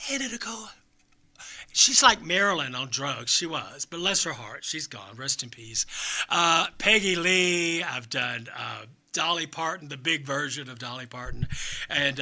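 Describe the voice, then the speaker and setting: Parlak, tiz sesli, şakacı erkek sunucu. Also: male voice, fairly high pitch, pushed and bright. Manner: joking, campy, self-mocking. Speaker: talk show host. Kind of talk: chatty show opening monologue.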